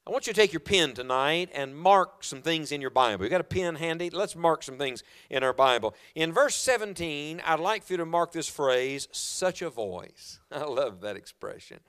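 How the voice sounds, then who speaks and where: A man preaching to his congregation with a smooth, resonant voice set a little high. He swings between hushed, slow reading and loud, urgent exhortation, often stopping to put questions to the church. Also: expressive. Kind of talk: sermon. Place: church auditorium.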